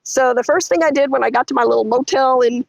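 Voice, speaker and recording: A middle-aged woman, telling a story as a guest in an interview, animated and vivid. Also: fast talker, gravelly, no echo, dull audio. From Texas. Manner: animated, vivid storytelling with lots of pitch swings.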